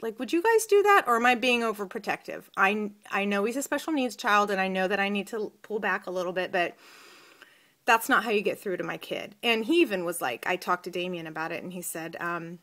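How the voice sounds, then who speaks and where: Rambling, animated woman vlogger. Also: mid-range voice, a little fast. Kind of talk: casual chat to camera.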